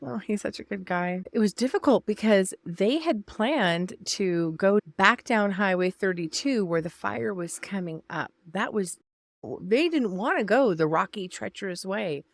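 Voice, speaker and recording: A woman's voice: mid-range voice, lively intonation, a little slow, dry recording. An older woman telling a personal story to camera in a chatty, emotional way, talking straight to her viewers. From Northern California. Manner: chatty and emotional, addresses viewers as "you guys" and "y'all". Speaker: vlogger.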